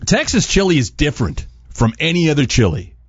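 A man's voice: a little high, big pitch swings, a little fast, breathy edge, no room sound, dull audio. A man chatting casually through a cooking segment as a radio host and chef, rambling with plenty of fillers. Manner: rambling, easygoing, lots of fillers.

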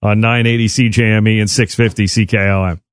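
A man hosting a sports talk radio show, interviewing a guest in a relaxed, easygoing, teasing way. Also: fairly low pitch, fairly quick. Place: radio studio. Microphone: studio mic.

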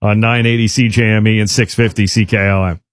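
A man hosting a sports radio show, chatting with a guest in a relaxed, joking way. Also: fairly low pitch. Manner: relaxed, joking, quick to laugh. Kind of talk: casual radio interview.

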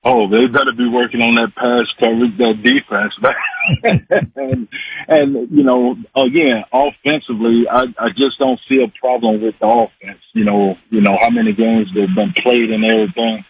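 A man's voice: medium pitch, lively intonation, moderate pace. A man in his forties calling in to a radio show, chatting in a folksy, rambling way with lots of fillers. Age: 40s. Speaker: regular guest, sports and recipe commentator. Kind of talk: casual radio chat. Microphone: phone call-in. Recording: tinny phone line with faint hiss.

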